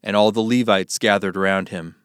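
A man reading scripture aloud in a measured, solemn narration. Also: on the low side, fairly even intonation, smooth, no echo, studio quality. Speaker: scripture reader.

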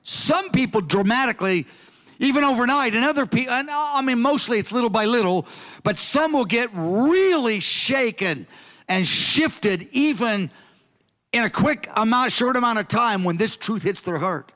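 Older guy preaching, high voice for a man, earnest, stretches out the big words, long hall echo. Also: animated, a bit bright. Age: 60s. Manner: earnest, emphatic, slows down to stress key phrases. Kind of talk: sermon to young people.

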